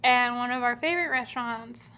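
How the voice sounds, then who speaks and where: A woman's voice: fairly high pitch, fairly quick, pushed and bright. A young woman from California telling the story of her engagement in a studio, bubbly and giggly, acting out her own and her partner's words. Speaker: bride-to-be telling their love story. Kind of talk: casual storytelling on camera. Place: video studio.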